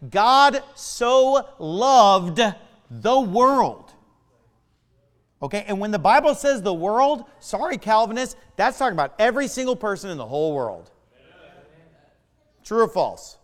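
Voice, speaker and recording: A man pastor preaching a sermon with emphatic delivery, drawing out key words and swinging sharply between loud and soft. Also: high voice, big-room sound.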